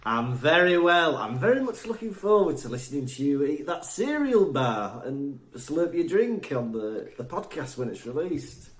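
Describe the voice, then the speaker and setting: A man's voice: a little high, sing-song, moderate pace, few pauses. Welsh man with a roomy echo. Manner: teasing, chatty. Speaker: podcast co-host. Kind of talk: casual comedic chat.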